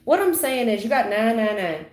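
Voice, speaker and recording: A woman giving a livestream tarot reading in a dramatic, repetitive way, acting out sudden endings with loud exclamations. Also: on the high side, sing-song, normal speed. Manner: dramatic, repetitive, full of sound effects. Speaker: tarot reader. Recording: echoey room.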